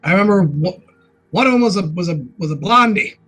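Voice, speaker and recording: A male tabletop player talks in character with a put-on New York accent. His voice is bright and fairly high, with a lot of edge in it. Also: expressive, a little fast.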